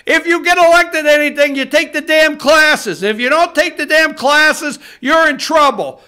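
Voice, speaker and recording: Fired-up man ranting, bright high voice. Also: moderate pace. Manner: heated, swearing, repetitive, addresses viewers directly. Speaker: political talk show host. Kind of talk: fired-up political rant to camera. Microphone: studio camera.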